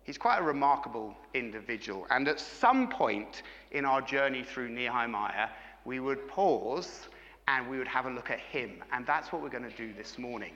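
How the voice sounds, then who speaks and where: A man's voice: mid-range voice, expressive, moderate pace, sharp tone, long reverb tail, muffled recording. A middle-aged man preaching a sermon, engaging his congregation with frequent questions. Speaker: pastor.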